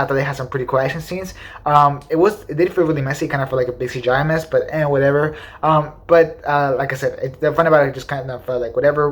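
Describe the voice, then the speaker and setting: A man giving a casual spoiler review of a movie, rambling with lots of fillers and gushing praise. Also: mid-range voice. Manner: rambling, enthusiastic, heavy filler words.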